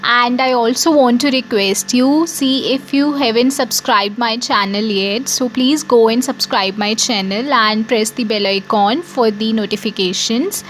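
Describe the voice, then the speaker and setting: A woman gives a pronunciation lesson in a high, bright-pitched voice. She speaks slowly and deliberately, spelling each word out letter by letter. She keeps checking in with "right?". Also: a little hiss or hum. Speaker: spoken English teacher.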